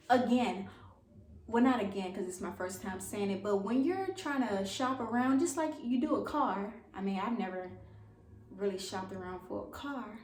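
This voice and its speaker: A woman's voice: mid-range voice, moderate pace, a little mellow, a little hiss or hum. A woman vlogging about buying a first home, giving informal, chatty advice in a self-deprecating way. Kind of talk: casual advice vlog. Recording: echoey room, mic at a distance.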